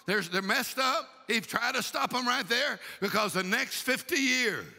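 A man preaching a fiery sermon, shouting and exhorting with repeated rallying calls. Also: very high voice, unhurried, vocal fry. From Texas. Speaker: pastor. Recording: reverberant church hall.

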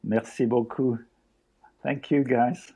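A man's voice: medium pitch, fairly even intonation, slow pace, dark tone, slightly rough. An older man from France with a French accent, chatting as a podcast guest with frequent restarts. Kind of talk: casual podcast chat.

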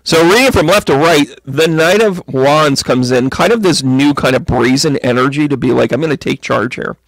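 A man's voice: normal speed, no echo. A man giving a casual, joking tarot reading to viewers on a livestream, chatty and playful. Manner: jokey, chatty, slips into silly high voices.

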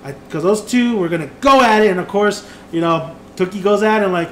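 A man hosting a casual TV review, retelling scenes in an animated way and acting out characters' lines. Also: sits high, fairly quick, hardly any pauses, echoey room, slight background noise. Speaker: TV review host. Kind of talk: casual spoken TV recap.

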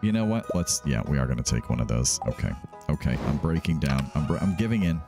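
A man's voice: very deep voice, animated, fast talker. A man hosting a let's play, chatting casually and thinking aloud as he plays. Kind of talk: casual gameplay commentary. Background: game music.

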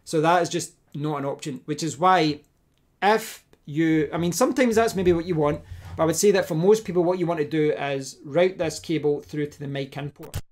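A man's voice: a little high, moderate pace, darkish tone. A man hosting a casual tech tutorial, talking through a hands-on demonstration at his home desk, restarting sentences as he works the gear. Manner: talks while demonstrating gear, thinking aloud with restarts. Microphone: desk microphone, switching between mics.

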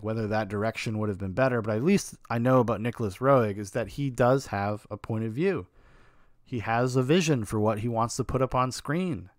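A man's voice: mid-range voice, dry recording, studio quality. A man hosting a podcast, giving a casual and frank film review in a rambling, opinionated way with some swearing.

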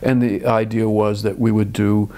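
A man's voice: fairly low pitch, flat delivery, moderate pace, warm tone. An older man, a film director, talking thoughtfully in an interview with frequent restarts. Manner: thoughtful, restarts often, dry chuckles. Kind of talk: interview conversation.

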